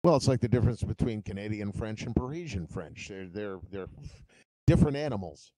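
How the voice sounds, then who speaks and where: A man's voice: lowish voice, lively intonation, quick pace, dark tone, no room sound, rough recording. A man co-hosting a talk show, explaining things in casual chat and trailing off at the ends of phrases.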